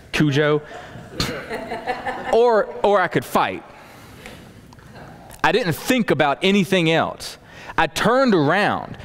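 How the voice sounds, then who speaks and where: Man, preacher, storytelling sermon, folksy asides, lively swooping delivery, long hall echo. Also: on the high side. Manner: animated, acts out scenes, folksy asides.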